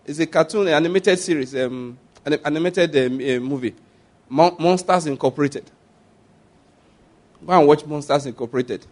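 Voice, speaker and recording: A man's voice: fairly high pitch, moderate pace. A middle-aged Nigerian-accented man preaching a sermon as a pastor, telling stories with animation, acting out scenes and repeating his points.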